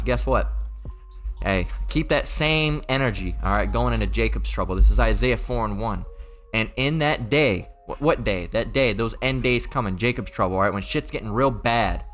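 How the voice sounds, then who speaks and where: A man's voice: medium pitch, animated, normal speed, a bit bright, faint music behind. A man giving an informal sermon in a rambling, emphatic way, often profane and full of repeated filler tags. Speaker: preacher.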